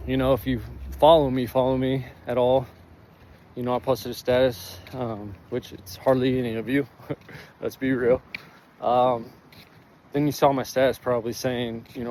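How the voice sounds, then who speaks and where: A man speaks openly and with deep feeling in a personal vlog recorded outside. His talk is loose and heartfelt, full of fillers and casual swearing. A faint noise sits behind his voice. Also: level tone, normal speed, a little mellow. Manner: candid, heartfelt, swears freely, many fillers. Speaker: vlogger sharing his recovery. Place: outdoors in sun and breeze.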